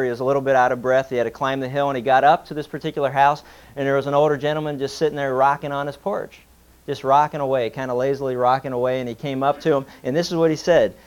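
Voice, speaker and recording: A man's voice: mid-range voice, smooth. A man preaching a sermon in a folksy, conversational way, telling a humorous story to his congregation. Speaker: pastor.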